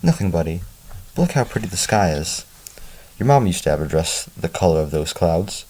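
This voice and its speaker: A man voicing a grieving young father who speaks softly and reassuringly to his small son, read aloud from a story. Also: low voice, animated, normal speed, low-quality recording. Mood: gentle.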